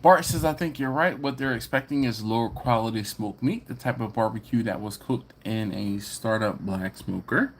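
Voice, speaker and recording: Speaking in a mid-range voice at moderate speed with hardly a pause, a man from Philadelphia runs a casual livestream. He reads the chat aloud to his viewers, laughing frequently.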